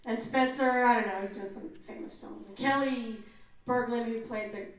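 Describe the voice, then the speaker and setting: A slightly high-voiced woman answers fan questions on a convention panel, telling animated, jokey stories and slipping into voices. She is picked up from across a very echoey room, so she sounds distant. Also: normal speed. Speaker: voice actor, panel guest.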